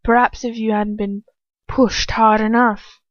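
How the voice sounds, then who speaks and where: A woman's voice: medium pitch, fairly even intonation, measured pace, no echo, dull audio, close to an everyday voice. A woman reading the part of a cold, sneering older male wizard who taunts his captive. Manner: mocking, taunting.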